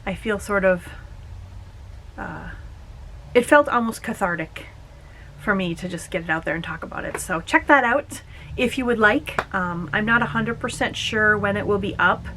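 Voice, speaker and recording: Here the Minnesotan vlogger talks at a moderate pace in a medium-pitched, sharp-toned voice, rambling and gushing with lots of fillers. The low-quality recording has slight background noise.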